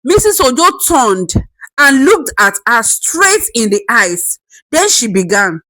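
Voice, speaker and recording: A woman's voice: a little high, sing-song, takes it slowly, pushed and bright, no echo, low-quality recording. A woman narrating a folktale dramatically, with asides to the listener. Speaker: storyteller.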